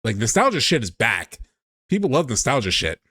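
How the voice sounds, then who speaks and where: A man hosting a stream, chatting excitedly and casually, swearing freely. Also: mid-range voice, a little fast, slightly rough, dry recording, clean studio sound. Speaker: streamer host. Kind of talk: casual chat.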